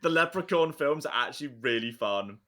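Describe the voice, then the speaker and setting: A man's voice: mid-range voice, expressive, a little fast, a bit bright. A man from England co-hosting a livestream, chatting casually about films, enthusiastic and sardonic, swearing casually. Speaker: livestream co-host.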